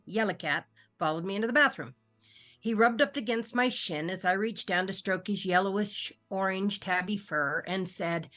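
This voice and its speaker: A woman, a writing student, reading her own story aloud in a steady storytelling manner over a video call. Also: mid-range voice.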